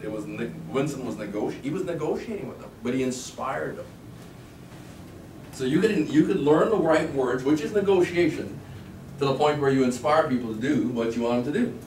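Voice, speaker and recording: A brisk, medium-pitched man, a sales trainer, delivers a seminar lecture on sales negotiation to a live class in a training room. He is animated, telling stories and acting out phone calls. The room is echoey, the mic sits far off, and there's faint noise.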